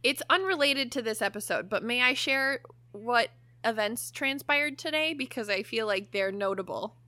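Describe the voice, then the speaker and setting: A young woman co-hosting a podcast, telling a story in a lively way, swearing freely and laughing often. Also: a little high, normal speed, no echo. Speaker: podcast co-host. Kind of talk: casual chat, storytelling.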